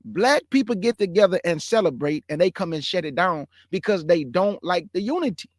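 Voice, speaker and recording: The man hosting this show has a voice that sits high; he's expressive and fairly quick. Speaking straight to his viewers in an earnest, impassioned monologue, he calls them family, brother, and bruh and becomes heated and emphatic. The studio sound is clean, with no echo.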